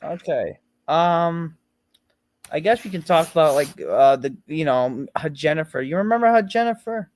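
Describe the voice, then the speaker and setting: A man hosting a podcast in casual chat, rambling and halting with many fillers. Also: a little high, animated, a little mellow. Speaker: podcast host.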